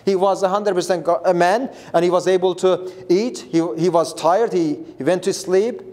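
A man's voice: high-pitched, steady tone, moderate pace, darkish tone. A man preaching a Bible lesson in an earnest, emphatic way, repeating himself and restarting phrases as he explains. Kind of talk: Bible teaching.

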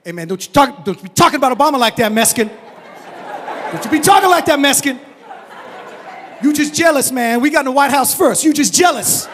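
A man voicing an excited, proud character who shouts and repeats himself boastfully. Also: extremely high pitch, a little fast, big-room sound, a crowd in the background, background noise. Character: excited, proud man cheering a political win.

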